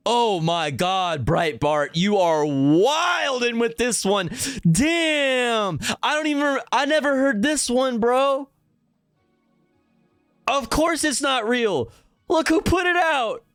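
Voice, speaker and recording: Streamer, young man, high voice, unhurried delivery, dry close mic, faint music bed; incredulous and laughing. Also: expressive, fairly bright tone, clean tone, no echo. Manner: laughing, incredulous, swearing, reading out headlines and comments. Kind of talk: live stream commentary.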